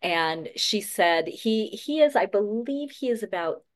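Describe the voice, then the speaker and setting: A woman's voice: mid-range voice, unhurried. A woman guest telling a story in casual chat, acting out the lines of the people in it. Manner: animated storyteller, quoting others.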